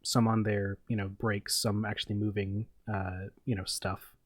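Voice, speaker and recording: A man's voice: lowish voice, little pitch movement, normal speed, dry recording. Casting: male game master, rambling, filler-heavy narration, dry close mic.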